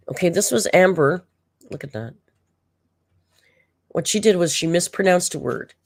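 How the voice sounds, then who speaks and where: An exasperated, sarcastic reaction commentator talking casually over old footage. The voice sits in a middle pitch, and the delivery is loose and conversational. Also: creaky, no room sound. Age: older than the clip's audience.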